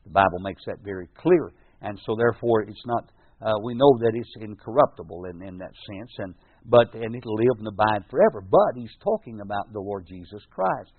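Guy preaching a sermon, husky, dry tinny audio, keeps restarting and punching scripture quotes. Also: lowish voice, animated, a little fast, no room sound. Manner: earnest, repetitive with frequent restarts and fillers; reads scripture in King James phrasing with rising emphasis. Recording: tinny phone-like sound, dry.

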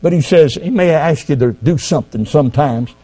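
A man preaching a sermon fervently, swinging from quiet asides to loud exclamations. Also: on the high side, brisk.

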